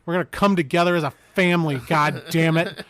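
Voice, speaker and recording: A man putting on a furious overworked father who rants loudly about holding the family together. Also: fairly high pitch, quick pace, natural voice. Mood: ranting. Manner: yelling, exasperated. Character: furious overworked family dad ranting at dinner.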